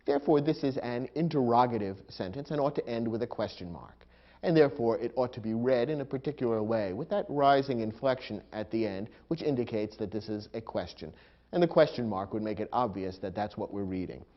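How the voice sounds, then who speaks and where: A man giving a scripted grammar lesson, explaining in a measured way and acting out example sentences. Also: mid-range voice, animated. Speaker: grammar instructor. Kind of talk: scripted instructional narration. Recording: dull lo-fi recording.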